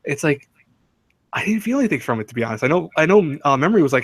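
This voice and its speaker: A man's voice: fairly high pitch, big pitch swings, fast, no echo. A young man hosting a casual live stream, rambling and joking with many restarts. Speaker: stream host.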